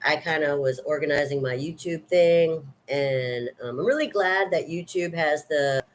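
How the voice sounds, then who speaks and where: A woman in her fifties with a Southern accent, chatting loosely to her vlog viewers and rambling through her thoughts with many pauses and fillers. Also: a bass voice, slight background noise. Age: 50s. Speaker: vlogger. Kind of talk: casual chat.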